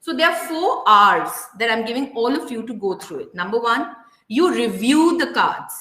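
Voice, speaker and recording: A woman with an Indian English accent giving an earnest, emphatic workshop talk on parenting to parents and teachers, slowing down to stress key points. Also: fairly high pitch, lively intonation, sharp tone. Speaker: parenting educator. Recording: roomy echo.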